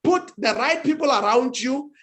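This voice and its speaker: A man's voice: extremely high pitch, lively intonation, normal speed, a bit bright. A man, a talk show guest, giving motivational advice emphatically and repeating phrases for effect.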